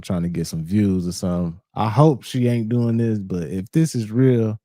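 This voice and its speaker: A man's voice: lowish voice, mellow, no echo, studio quality. A man hosting a reaction video, talking loosely and profanely in slang, disbelieving what he watches. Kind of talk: casual reaction commentary.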